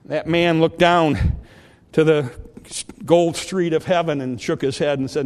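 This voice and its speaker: A man's voice: fairly high pitch, a little slow. A man preaching a sermon in a church, earnestly repeating questions to the congregation before leading a prayer. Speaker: pastor. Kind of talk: sermon with altar call and prayer. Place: church sanctuary.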